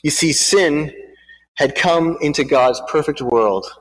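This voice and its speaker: A man preaches and then reads a Bible storybook aloud. He halts and repeats words as he goes. His voice is somewhat high. It rings with the long reverb of a church hall. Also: slow, a bit bright. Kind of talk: sermon with storybook reading.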